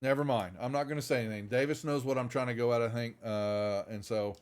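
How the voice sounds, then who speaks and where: A game master hosts a live-streamed tabletop game, speaking fast in a mid-range, clean male voice with a steady tone. He rambles, often starts over, and says hello to viewers.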